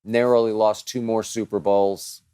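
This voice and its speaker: Slow, low-voiced emphatic male host. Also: level tone, dark tone, clear, resonant tone, no room sound, studio quality. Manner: dramatic, piles up emphatic words. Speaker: show host answering listener questions. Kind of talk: emphatic monologue answering mailbag questions.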